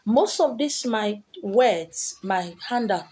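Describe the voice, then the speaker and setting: Husky Nigerian woman lecturing viewers. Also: medium pitch, expressive, slow, mellow. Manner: emphatic, repetitive, scolding rhetorical questions. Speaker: spiritual teacher selling handouts.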